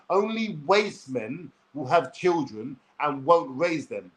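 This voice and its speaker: A man's voice: a little high, big pitch swings, slow, hardly any pauses, fairly bright tone, poor audio. A man ranting crudely and bluntly to his viewers, swearing freely and addressing them directly. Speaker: vlogger. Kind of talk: direct-to-camera rant.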